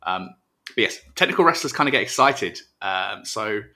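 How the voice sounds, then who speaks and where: An English man with a low-pitched voice that still sounds bright and forceful. He talks casually on a podcast in a relaxed, self-mocking way, rambling through fillers and restarts. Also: normal speed. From England. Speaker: professional wrestler, guest.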